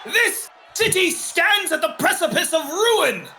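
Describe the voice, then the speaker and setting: Man voicing a bellowing authoritarian noble officer, bright and tense, echoey room. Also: very high-pitched, lively intonation, normal speed, a little hiss or hum, full character voice. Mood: commanding. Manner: commanding, shouting proclamations. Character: stern male noble commander, authoritarian.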